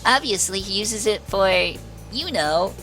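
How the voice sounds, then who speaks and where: A man's voice: high voice, animated, measured pace, sharp tone, faint music behind, voice pushed up, full character voice. A man putting on a raised, girlish voice for a giggly, bold young woman athlete in a game. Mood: playful.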